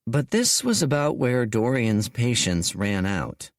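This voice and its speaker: A man reading an audiobook in a slow, deliberate and expressive narration. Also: mid-range voice.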